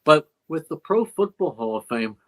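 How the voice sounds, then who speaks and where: A man's voice: fairly high pitch, sing-song, moderate pace, poor audio. Older man, veteran sports broadcaster. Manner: earnest, reflective storyteller who acts out quoted dialogue. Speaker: veteran radio play-by-play broadcaster, guest. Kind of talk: interview storytelling.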